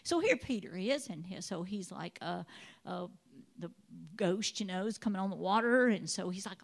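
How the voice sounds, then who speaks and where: A woman preacher delivering a sermon, telling Bible stories with animated storytelling and acting out the voices of the people in them. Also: mid-range voice, moderate pace, creaky. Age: adult. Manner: animated storytelling, acts out voices of biblical figures.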